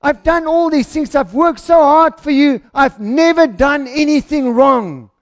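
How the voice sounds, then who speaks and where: Picture a bitter older brother, loud and indignant as he lists everything he has done, his voice pitched very high for a man. A preacher puts him on in the middle of a sermon. The sound is close and dry, with no room echo. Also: sing-song, takes it slowly, full character voice. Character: resentful hardworking older brother, young man.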